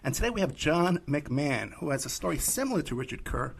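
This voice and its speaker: A man's voice: fairly high pitch, sing-song, fairly quick, creaky, breathy edge. A man hosting a podcast interview, talking casually and loosely with many fillers. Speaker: host.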